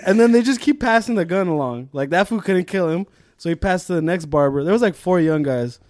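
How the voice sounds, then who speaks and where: Animated young man telling a story. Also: on the high side, a little fast, no echo, studio quality. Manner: animated, profane, acts out quotes in raised voices. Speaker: podcast co-host. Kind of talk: casual chat, storytelling.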